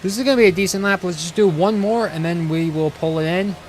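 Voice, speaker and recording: A man's voice: high-pitched, fast, a little hiss or hum. A man streaming a racing game live, commenting casually and greeting his chat. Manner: eager, casual, talks to chat. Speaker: gaming streamer.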